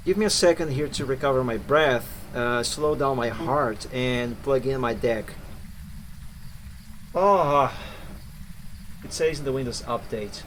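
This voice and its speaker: A man's voice: mid-range voice, normal speed, slight background noise. A man streaming a ghost-hunting game live, chatting with viewers and reacting as he plays. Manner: chatty, jumpy, talks to chat while playing. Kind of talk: live gameplay commentary.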